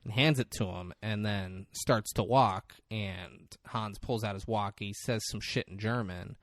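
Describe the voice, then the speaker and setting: A man's voice: on the low side, measured pace, no echo, clean studio sound. A man co-hosting a podcast, casually retelling a film scene and acting out the characters' lines. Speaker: podcast co-host. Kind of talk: casual movie recap chat.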